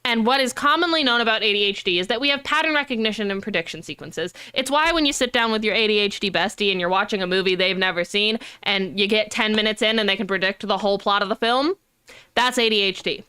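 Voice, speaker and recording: A young woman streamer chatting casually, animated and rambling, with frequent swearing. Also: mid-range voice, fast, smooth.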